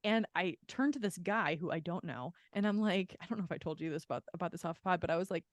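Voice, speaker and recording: A dry recording catches a woman speaking at a quick pace in a voice on the low side. She co-hosts a podcast, chatting casually and candidly for long stretches, with lots of "like" and plenty of swearing.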